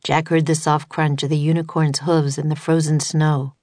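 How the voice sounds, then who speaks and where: A woman reading a children's storybook as an audiobook, in calm, even narration. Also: low-pitched, normal speed, no room sound. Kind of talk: scripted narration.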